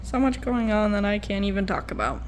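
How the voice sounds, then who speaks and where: A young woman vlogging in a casual, rambling way, sounding low and tired, trailing off into fillers. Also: very animated, a little fast, slight background noise. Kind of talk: casual vlog chat.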